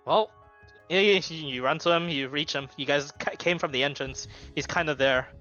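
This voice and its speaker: A man narrating as game master of a tabletop game, halting, with fillers and restarts. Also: on the high side, sharp tone, lo-fi sound, soft background music.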